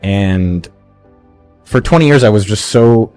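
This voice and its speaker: A man in his forties, an entrepreneur giving energetic motivational advice in an interview, often restarting and acting out quotes. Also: fairly low pitch, takes it slowly, no echo, soft background music. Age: 40s. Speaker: entrepreneur guest.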